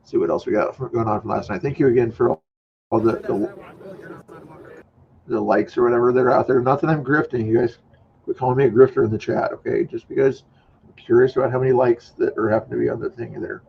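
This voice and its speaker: A man's voice: medium pitch, steady tone, quick pace, gravelly, lo-fi sound, slight background noise. A man hosting a livestream, chatting casually and rambling as he comments between clips. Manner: rambling, chatty, self-correcting. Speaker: livestream host.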